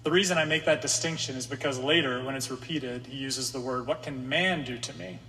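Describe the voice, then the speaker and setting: A man's voice: medium pitch, fairly even intonation, a little fast, sharp tone. A man preaching a conversational sermon to a room of listeners, sometimes voicing the psalmist's anxious pleas. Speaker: pastor. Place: room with an audience. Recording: long hall reverb.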